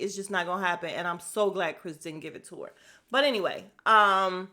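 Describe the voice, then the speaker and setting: Woman podcast host, chatty recap, swears freely, laughs a lot, mid-pitched voice, close podcast mic. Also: fairly quick. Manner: animated, profane, laughs often, mimics people. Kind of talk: casual reality TV recap. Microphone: podcast microphone.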